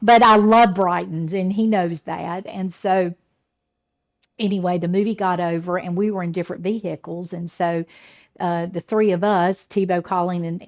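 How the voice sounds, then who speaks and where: A woman's voice: lowish voice, darkish tone, muffled recording. A woman co-hosting a casual chat show, telling a long story, laughing often and repeating words as she goes. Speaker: podcast co-host.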